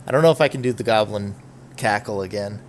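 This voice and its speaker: A man's voice: fairly low pitch, fast, a little hiss or hum. A man hosting a casual gaming podcast, talking in a chatty, opinionated, rambling way. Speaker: podcast host. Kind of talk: casual esports podcast chat.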